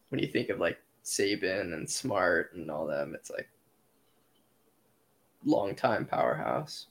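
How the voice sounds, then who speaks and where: Male guest with a gravelly voice, laid-back and hesitant in sports chat. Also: on the low side, fairly bright tone. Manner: hesitant, many fillers and restarts. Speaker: podcast guest.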